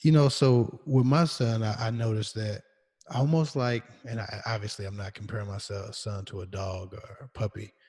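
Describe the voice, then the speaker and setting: A man co-hosting a casual podcast, telling stories in a relaxed way with many fillers and restarts. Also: on the low side, moderate pace, breathy edge. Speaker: podcast co-host. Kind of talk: casual chat. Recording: long reverberant echo.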